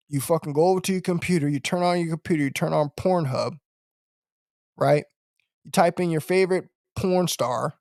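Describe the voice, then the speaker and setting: A man's voice: on the high side, a little mellow, no room sound, studio quality. A man hosting a live-stream podcast, talking bluntly and preachily, with lots of swearing and repeated tag questions. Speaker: podcast host.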